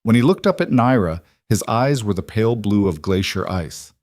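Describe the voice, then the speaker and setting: A man with a low voice reads a fantasy audiobook. His telling is even and measured, and the sound is close and dry with no room in it. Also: no room sound. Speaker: narrator. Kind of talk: scripted audiobook narration.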